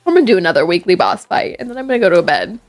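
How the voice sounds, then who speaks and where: Speaking very fast with wildly swooping pitch, a woman with a fairly low voice teases her viewers and laughs a lot during a relaxed gaming livestream. Game music can be heard faintly in the background.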